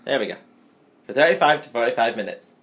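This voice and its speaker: A man's voice: mid-range voice, animated, quick pace, noisy background. A man chatting through a home-baking vlog, upbeat and self-mocking as he works in his kitchen. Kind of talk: casual baking vlog chat.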